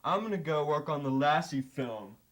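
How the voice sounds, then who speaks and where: An actor playing a grumpy, crude actor who storms off a failing film. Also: male voice, on the high side, lively intonation, moderate pace, fairly bright tone. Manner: gruff, crude.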